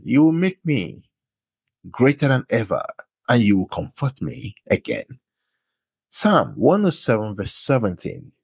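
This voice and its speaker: A man's voice: medium pitch, slightly rough, no room sound. A man reading Bible verses aloud, announcing each book and verse before reading it with emphasis. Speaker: scripture reader.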